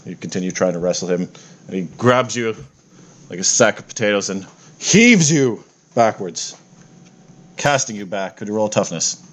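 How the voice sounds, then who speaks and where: A man's voice: on the low side, animated, normal speed, pauses often. A man narrating a tabletop game as game master, playful and often correcting himself as he goes.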